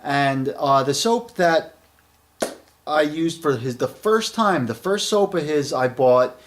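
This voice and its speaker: A man's voice: a little high, expressive, slow pace. A man in his late thirties giving a casual spoken product review, rambling, with many fillers and repeated words, friendly and enthusiastic. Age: 30s.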